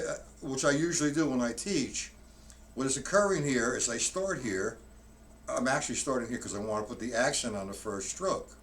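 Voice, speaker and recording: A man's voice: medium pitch, slight background noise. A man teaching drums in a live-streamed lesson, explaining each step plainly and often restarting his sentences. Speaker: drum teacher. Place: room with a drum kit. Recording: distant mic with loud drumming. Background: loud drumming.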